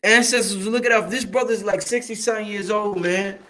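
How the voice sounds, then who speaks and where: A man raised in Brooklyn hosts a casual livestream and talks straight to his viewers. His voice sits a bit high for a man. His delivery is streetwise and full of profanity, and he gets animated as he answers the chat. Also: fairly quick. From Brooklyn, New York.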